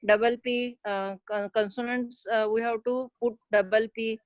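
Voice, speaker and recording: A woman's voice: on the high side, fairly even intonation, moderate pace, dry recording, muffled recording. A woman student asking the teacher a question hesitantly, with many fillers, from some distance away from the mic. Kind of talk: classroom question.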